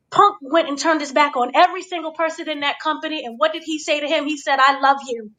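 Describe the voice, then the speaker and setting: A woman hosting a casual review chat, giving an excited blow-by-blow recap and checking in with her listeners. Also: sits high, fairly quick, hardly any pauses, poor audio. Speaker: podcast host.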